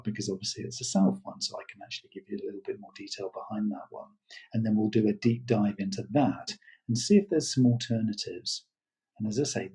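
Gravelly guy coaching, earnest and thoughtful, dark husky voice. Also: lowish voice, rough recording. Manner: earnest, thoughtful, with many fillers. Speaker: self-development coach. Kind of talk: reflective talk to an audience.

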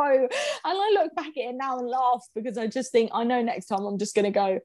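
Young woman, candid and animated, frequent laughs, slightly high voice. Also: normal speed. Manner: animated, swears freely, laughs often. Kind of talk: casual chat.

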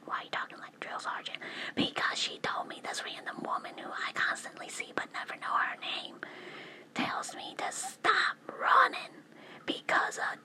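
A woman's voice: extremely high pitch, sharp tone. A woman talking in a whisper, rambling from one thought to the next and asking rhetorical questions. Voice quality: mostly whispered. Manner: rambling, jumps between topics, asks rhetorical questions.

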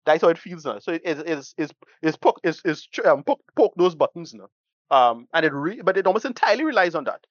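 A blunt, rambling man reviews a film on a podcast, swearing freely and piling up his complaints. He talks fast in a fairly high voice. The sound is dry and a little dull. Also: animated, no echo. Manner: blunt, rambling, swears freely, uses Caribbean-style English.

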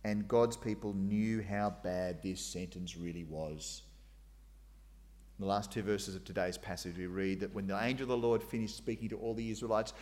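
A man's voice: deep voice, steady tone, normal speed, a little mellow. A middle-aged man preaching a sermon, dramatizing God's questions with sudden raised, emphatic lines.

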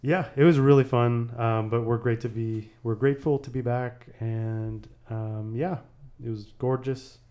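A man hosting a casual podcast with his kids, playful and quick to laugh as he quizzes them. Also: medium pitch, fairly even intonation, darkish tone. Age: adult. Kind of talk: casual family podcast chat.

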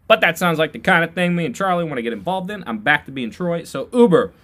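A young man co-hosting a casual podcast, joking around and breaking into loud mock sponsor pitches. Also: expressive, fast talker. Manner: joking, loud bursts, jokey put-on ad pitches. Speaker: podcast co-host.

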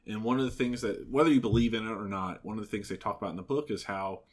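Male podcast co-host, slightly low voice, relaxed and opinionated film talk. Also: fast. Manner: chatty and opinionated, agreeing often. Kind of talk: casual movie discussion.

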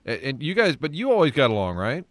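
A male host runs a relaxed interview at an ordinary speaking pitch. His questions run long and come in several parts. He sounds easygoing and conversational. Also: fast, no echo. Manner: rambling multi-part questions. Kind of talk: casual interview.

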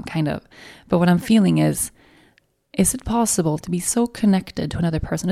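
A woman's voice: fairly low pitch, gravelly, dark tone. A young woman hosting a podcast, telling an emotional, confessional personal story, swearing and trailing off as she goes. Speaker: podcast host.

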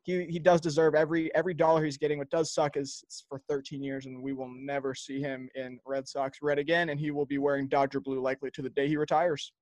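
A man's voice: a little high, flat delivery, fast talker, few pauses, a little mellow, dry recording. A man co-hosting a sports podcast in casual chat, emphatic and often repeating words as he starts. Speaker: podcast co-host.

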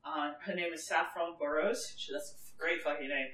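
Woman in her 30s, podcast co-host, bright and expressive, laughs often, echoey recording. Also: sits low, moderate pace. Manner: animated, laughs easily, casual swearing. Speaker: podcast co-host and French teacher. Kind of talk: casual chat. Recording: roomy echo.

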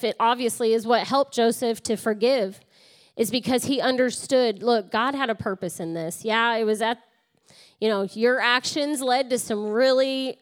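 A middle-aged woman pastor preaching in a church, her voice sitting a little high. She slides between chatty, laughing storytelling and earnest exhortation to the congregation. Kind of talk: sermon.

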